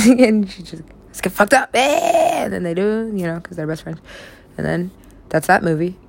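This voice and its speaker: A woman's voice: medium pitch, expressive, measured pace, vocal fry. A young woman chatting casually and rambling about stories she has written, laughing often and swearing freely. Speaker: writer describing her own stories.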